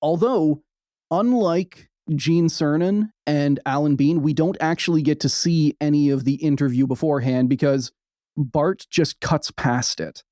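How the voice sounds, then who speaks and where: Wry fast-talking male podcast co-host. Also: on the high side, warm tone, dry recording, studio quality. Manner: wry, fast-talking recapper with quick asides. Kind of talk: casual podcast chat.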